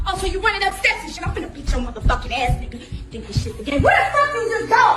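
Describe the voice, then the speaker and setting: Furious shrieking woman yelling and chasing. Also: extremely high pitch, expressive, fast, roomy sound, over loud music. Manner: yelling, profane, breathless chasing. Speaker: angry girlfriend. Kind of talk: heated confrontation recorded on phone.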